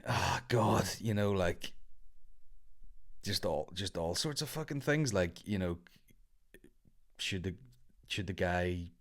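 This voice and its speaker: A man's voice: deep voice, slow pace, vocal fry, pauses often. A man, a comedian, rambling and swearing through a casual podcast monologue. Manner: rambling, sweary, laid-back.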